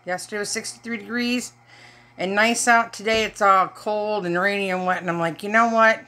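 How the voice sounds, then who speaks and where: Chatty middle-aged woman from Michigan, playful asides, bright voice. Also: medium pitch, steady tone, moderate pace. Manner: chatty, joking asides to viewers. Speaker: haul vlogger. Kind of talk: casual haul chat to camera.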